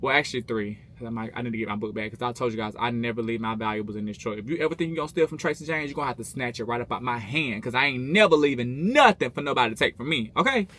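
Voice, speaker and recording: A man's voice: mid-range voice, rapid-fire, few pauses, bright, forceful tone. A man vlogging casually to camera as a truck driver, chatty and sassy, calling viewers babes and honey. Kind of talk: casual vlog chat to camera. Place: small room, at home or in a truck cab. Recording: echoey room, faint background noise.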